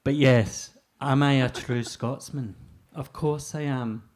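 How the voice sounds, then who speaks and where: Scottish guy stand-up, slow and deadpan, crude jokes. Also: mid-range voice. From Scotland. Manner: crude, deadpan setups before punchlines. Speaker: stand-up comic. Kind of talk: stand-up routine.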